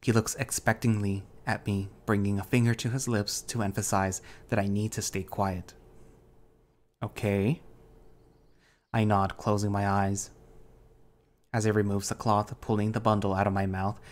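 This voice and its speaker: A man narrating a first-person audio story in a steady, measured way. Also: on the low side.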